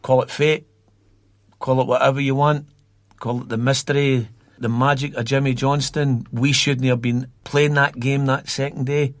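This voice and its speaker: A man's voice: medium pitch, level tone, moderate pace, dry recording. A Scottish man telling stories as a guest on a podcast, rambling and repeating words as he recalls them. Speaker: guest from a youth football academy. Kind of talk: storytelling in a podcast interview.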